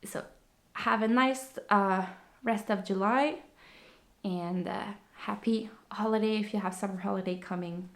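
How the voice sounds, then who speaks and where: The host speaks unhurriedly in a steady, medium-pitched voice. Her casual podcast talk comes out breathless and rambling, with many fillers and restarts.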